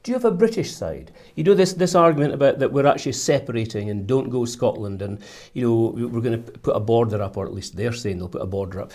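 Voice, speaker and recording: A male host with a mellow, dark voice at an ordinary pitch. He works through his questions haltingly, full of "you know" and restarts, in a relaxed interview. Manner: thoughtful questioner, halting, many fillers. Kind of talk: casual interview chat.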